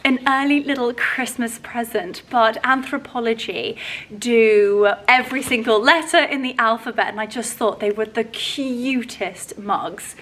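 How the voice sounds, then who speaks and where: A woman's voice: a little high, a little slow, fairly bright tone, slight background noise, low-quality recording. A woman chatting casually and gushing as she unboxes things at home. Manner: gushing, effusive. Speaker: vlogger.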